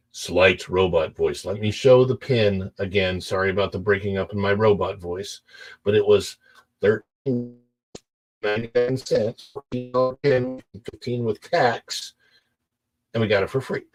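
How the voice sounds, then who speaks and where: A man's voice: on the low side, fairly even intonation, unhurried, poor audio. A man hosting a casual livestream from home, chatting to viewers in a rambling, self-correcting way. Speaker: livestream host.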